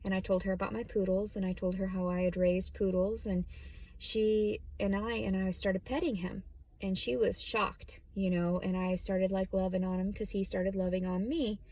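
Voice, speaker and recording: A woman's voice: mid-range voice, flat delivery, moderate pace, darkish tone, no room sound. A woman vlogging from her parked car, talking bluntly and rambling, with plenty of swearing. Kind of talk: casual vlog monologue. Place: parked car in a store lot.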